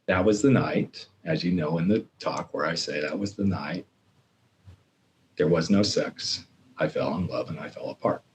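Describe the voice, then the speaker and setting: A middle-aged man as a podcast guest, telling a personal story in an animated way and acting out his own inner voices. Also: extremely low pitch, moderate pace, a little hiss or hum.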